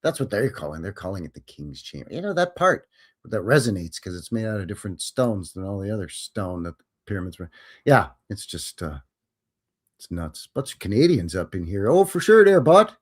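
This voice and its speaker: A man's voice: low-pitched, expressive, brisk, breathy edge. A man hosting a live show, chatting casually and greeting viewers by name. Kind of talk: casual livestream chat.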